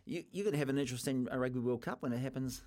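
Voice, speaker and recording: A man's voice: medium pitch, very fast, a little mellow. A man with a New Zealand accent hosting a sports radio show, chatting casually and teasing his co-host.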